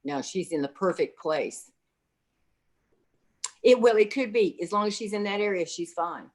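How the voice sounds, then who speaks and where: A woman's voice: mid-range voice, lively intonation, normal speed, a little mellow. Chatty woman giving psychic readings. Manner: chatty and motherly, calls the viewer honey. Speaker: psychic reader. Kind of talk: casual livestream reading chat.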